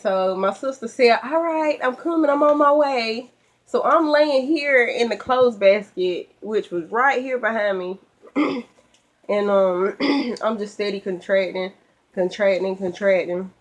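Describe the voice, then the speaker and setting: A young woman with a Southern US accent tells a personal story from home. She talks in a chatty, animated way and acts out what she said back then. Her voice sits at an average pitch for a woman. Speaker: vlogger.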